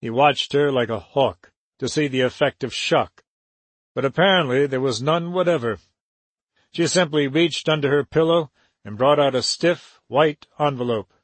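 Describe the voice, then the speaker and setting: A man narrating an audiobook in a steady, even reading. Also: mid-range voice, normal speed, dry recording. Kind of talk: scripted narration.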